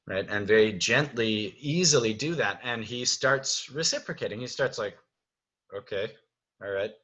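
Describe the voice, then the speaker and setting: A male theater director explains stage movements in a relaxed, chatty way, often checking in with his students. His voice has a bright, forward tone at a medium pitch. He sounds reassuring and talks off the cuff. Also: normal speed, slightly rough. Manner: chatty, reassuring, frequent "right?" and "okay?". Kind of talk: casual instructional video.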